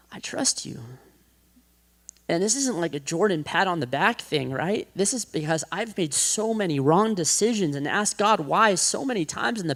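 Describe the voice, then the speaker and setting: A man in his thirties giving a personal faith testimony as a podcast guest, casual and full of "like", acting out what others said. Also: sits high. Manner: casual, heavy use of "like", acts out quotes.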